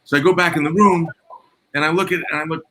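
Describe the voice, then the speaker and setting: A man working as a sound engineer tells animated stories, acting out quoted dialogue. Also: a little high, quick pace. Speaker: guest, concert and theater sound engineer. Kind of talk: storytelling in casual chat. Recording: noticeable background noise.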